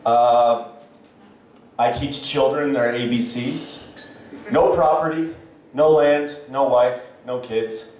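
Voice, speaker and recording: A man in his thirties from Canada works a stand-up set into a handheld mic. He talks in a halting, self-mocking way, full of ums and restarts. The sound is very echoey, as if caught from a distance in the room. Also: mid-range voice, steady tone, darkish tone, a little hiss or hum. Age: 30s. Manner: self-deprecating, halting with many fillers. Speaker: stand-up comedian. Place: comedy club stage. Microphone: handheld stage mic.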